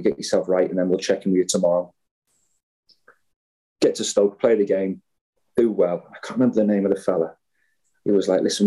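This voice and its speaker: Guy in his 30s with a low-key mellow husky voice, chatting and doing little voices for people in his story. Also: rough recording. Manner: animated anecdote-telling, acting out others' voices. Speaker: guest storyteller. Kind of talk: casual chat.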